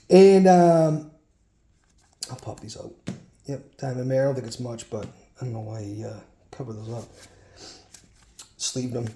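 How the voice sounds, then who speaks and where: Rambling man telling a story, mellow voice. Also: medium pitch, echoey room. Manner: rambling, digressive, breaks off for muttered asides. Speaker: card collection vlogger. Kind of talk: casual storytelling while sorting cards.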